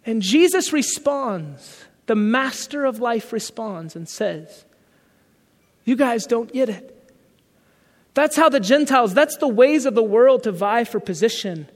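A man's voice: very high voice, animated, takes it slowly, big-room sound. A male pastor preaching a sermon in a conversational way, asking the congregation rhetorical questions.

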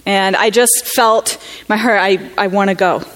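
Delivering a personal testimony at a conference, a woman from the United States speaks with a middle-pitched, fairly evenly intoned, somewhat bright voice. Earnest and reflective, she pauses and starts over while searching for the right words.

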